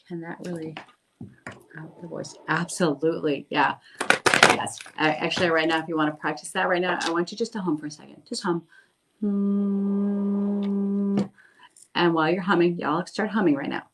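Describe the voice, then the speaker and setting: A woman's voice: deep voice, steady tone, a little fast, noisy background. A middle-aged woman, a medium, chatting casually on a phone livestream, reading viewer comments aloud and reassuring them. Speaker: medium doing live readings.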